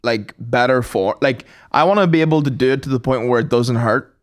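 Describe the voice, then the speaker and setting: A man's voice: mid-range voice, a little fast. A young Northern Irish man co-hosting a podcast, telling stories in a casual, sweary, laughing way. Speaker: podcast co-host. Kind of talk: casual chat.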